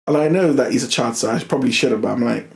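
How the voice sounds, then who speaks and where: A man's voice: medium pitch, rapid-fire, vocal fry, echoey room. A young man ranting casually while he plays a game, swearing often and tripping over his words. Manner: animated, swears a lot, repeats himself. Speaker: gaming streamer. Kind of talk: casual rant while gaming.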